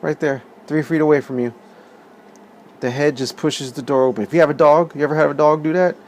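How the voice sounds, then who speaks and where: A man's voice: a little high, brisk, slight background noise. A man in his thirties telling a story in a rambling, casual way, with lots of swearing and laughter. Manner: profane, animated, laughs often. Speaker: vlog host.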